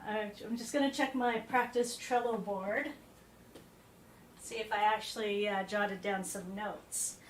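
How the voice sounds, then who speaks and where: A woman, a piano teacher talking casually through a practice session, thinking aloud with fillers and asides. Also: on the high side. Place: home practice room with piano. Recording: roomy practice room, faint background noise.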